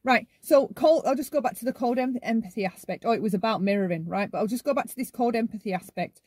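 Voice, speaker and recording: Husky woman, talky commentary. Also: a little high, fast, darkish tone, dry recording. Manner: talks in long runs, ends many lines with "right?". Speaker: commentary channel host. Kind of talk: casual commentary monologue.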